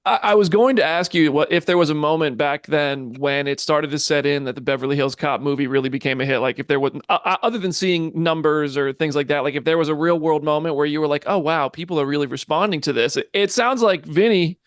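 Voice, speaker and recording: Male host, slightly high voice, stammers through questions, dry close sound. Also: quick pace, hardly any pauses, clear, resonant tone, no room sound. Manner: hesitant, stammering. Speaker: interviewer host. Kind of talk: interview questions.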